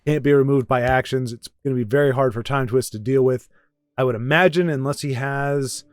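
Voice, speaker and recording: A man's voice: medium pitch, steady tone, brisk, no echo, clean studio sound. A man casually commentating a card game match, chatty and self-deprecating, rambling with frequent restarts.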